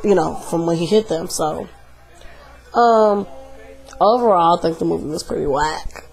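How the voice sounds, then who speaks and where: A woman's voice: on the low side, normal speed, gravelly, a little mellow. A woman chatting casually and animatedly in a video review, retelling a story in slangy, emphatic bursts. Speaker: movie reviewer.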